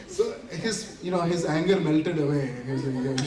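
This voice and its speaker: Brief: man, speaker at a community center, animated storyteller who laughs through the punchlines; recorded from afar in an echoey hall. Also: fairly high pitch, takes it slowly, crowd noise. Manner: animated, laughing often while acting out quotes. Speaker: invited speaker. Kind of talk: storytelling talk to an audience. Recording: roomy hall from a distance, faint ambience.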